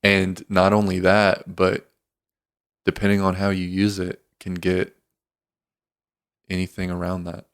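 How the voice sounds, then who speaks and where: Deep, flat-voiced man. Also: a little slow, pauses often, clean tone, no room sound, clean studio sound. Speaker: podcast co-host. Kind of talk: casual podcast chat.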